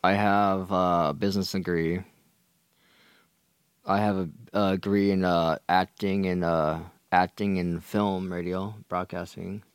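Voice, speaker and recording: A man chatting as a podcast guest, laid-back and halting, with lots of fillers. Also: deep voice, level tone, clear, resonant tone, no room sound. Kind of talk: casual chat.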